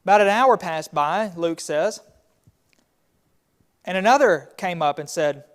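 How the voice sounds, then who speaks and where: A man's voice: sits high, expressive, a little slow. A man teaching a Sunday Bible class, retelling a scripture scene in a conversational way.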